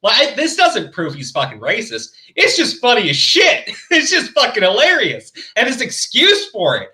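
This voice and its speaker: A man hosting a commentary podcast, chatting casually and profanely, animated and mocking as he quotes others. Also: extremely high pitch, normal speed.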